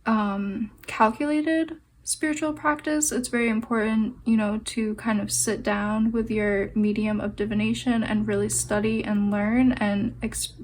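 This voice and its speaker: A young adult woman giving a pick-a-card tarot reading, speaking gently and meandering with fillers and pauses. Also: on the high side, fairly even intonation. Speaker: tarot and oracle card reader.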